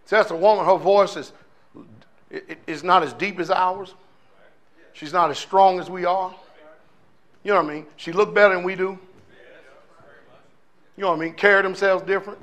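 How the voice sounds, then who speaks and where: A man's voice: high voice, steady tone, moderate pace, pauses often, fairly bright tone. A male pastor preaching a sermon in a fiery, conversational way, firing off rhetorical questions to his congregation.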